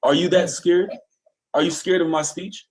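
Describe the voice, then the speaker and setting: A man's voice: high-pitched, steady tone, moderate pace, darkish tone. A man calling into a live debate to argue for his faith, combative and talking over others. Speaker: Christian caller.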